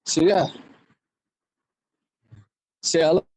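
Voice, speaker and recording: A man's voice: fairly high pitch, steady tone, drawn-out words, a little mellow, dry recording, rough recording. Welsh man, walking vlog, rambling and chuckly, dry close sound. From South Wales. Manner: rambling, keeps saying "you know what I mean", laughs often. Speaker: vlogger. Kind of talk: rambling walk-and-talk vlog. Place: outdoors, walking around town.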